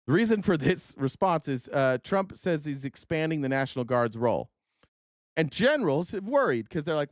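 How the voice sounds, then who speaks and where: A man's voice: a little high, very animated, fairly quick, no room sound, studio quality. Sarcastic man reading chat on a livestream. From Utah. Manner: sarcastic, reads and answers chat comments. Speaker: livestream host. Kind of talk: casual political livestream commentary.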